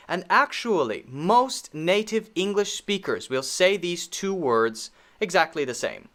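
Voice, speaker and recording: A man with an American accent teaching a pronunciation lesson, patiently repeating model words with clear emphasis. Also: on the high side, very animated, unhurried, fairly bright tone.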